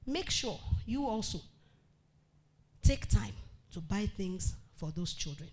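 A woman pastor preaching a sermon to a congregation, animated, acting out quotes and calling out loudly. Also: mid-range voice, slow.

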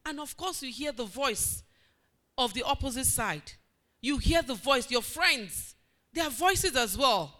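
A woman's voice: sits high, lively intonation, a little slow, bright, forceful tone. A woman preaching a sermon, emphatic and repetitive, asking the congregation questions and answering them. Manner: emphatic, repeating phrases with call-and-response.

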